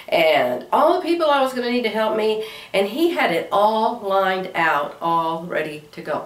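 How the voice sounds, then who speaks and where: Chatty, slightly hoarse woman in an echoey room. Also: medium pitch, distant mic. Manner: chatty, giggly, with playful squeals. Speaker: vlogger. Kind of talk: casual chat. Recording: echoey room, away from mic.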